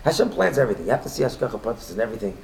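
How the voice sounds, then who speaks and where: Quick, gravelly-voiced man teaching Torah. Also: medium pitch, very animated, a little hiss or hum, low-quality recording. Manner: talks in quick bursts, repeats and restarts, rises loudly when quoting. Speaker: rabbi teaching a Torah class. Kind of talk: casual Torah lesson with storytelling.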